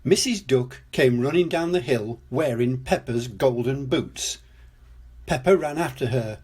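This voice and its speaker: An older man reading a children's storybook aloud, gently and expressively, as storyteller. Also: medium pitch, measured pace, slightly rough.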